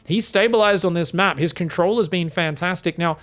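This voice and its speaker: A man casting a live strategy game match, analytical and quick to yelp with excitement at big plays. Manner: excitable, breaks into high yelps at big plays. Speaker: esports caster.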